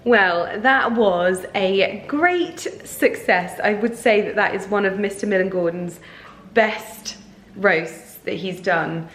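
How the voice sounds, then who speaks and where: Taking it slowly in a mid-range, somewhat bright voice, this thirtysomething lifestyle vlogger shows off her house and garden. She's chatty and enthusiastic, using many fillers, and there's slight background noise.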